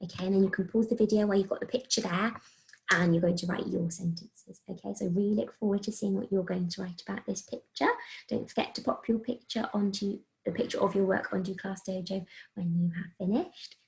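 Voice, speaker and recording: Primary teacher, woman, slightly gravelly, patient sing-song phonics delivery, stretched syllables. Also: medium pitch, fairly even intonation, a little mellow, poor audio. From England. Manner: slow, sing-song, sounding out letters and words. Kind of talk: remote phonics writing lesson for young children.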